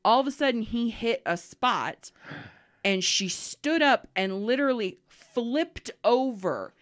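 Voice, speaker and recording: Animated woman telling stories. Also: a little high, slow. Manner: animated, acts out voices in stories. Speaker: podcast co-host. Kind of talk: casual storytelling chat.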